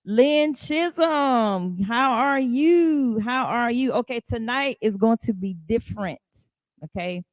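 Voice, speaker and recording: A woman hosting a casual podcast, chatty and lively, greeting listeners by name and laughing often. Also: on the high side, slow pace, no echo. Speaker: podcast host. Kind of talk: casual live podcast chat.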